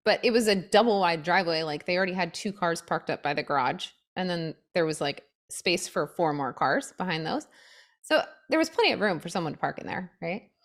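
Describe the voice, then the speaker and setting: A young woman co-hosting a podcast, chatting casually and acting out the people in her stories. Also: on the low side. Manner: animated storyteller, acts out quotes. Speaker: podcast co-host. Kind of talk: casual chat.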